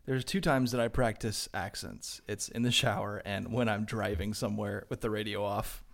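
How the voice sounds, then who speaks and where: A man co-hosting a casual comedic chat, wry and quick, often breaking into laughter. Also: fairly low pitch, steady tone, vocal fry.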